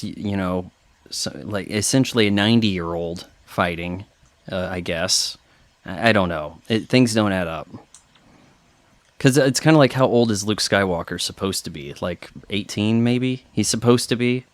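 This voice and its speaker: A man's voice: lowish voice, normal speed, dry recording. A man chatting casually through a film commentary, opinionated and thinking aloud with fillers. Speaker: commentary host.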